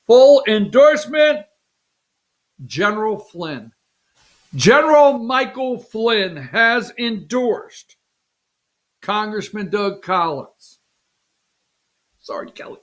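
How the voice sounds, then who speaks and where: A man's voice: sits high, expressive, slow pace, long pauses, fairly bright tone. A man hosting a political talk show, rambling and mocking in an off-the-cuff way. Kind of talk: casual political commentary.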